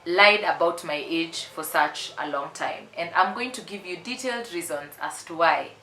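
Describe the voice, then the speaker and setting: A woman's voice: lowish voice, normal speed, bright, forceful tone, a little hiss or hum. A woman in her twenties talking candidly and emphatically in a casual confessional vlog, repeating herself for effect. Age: 20s. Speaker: vlogger. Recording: roomy echo.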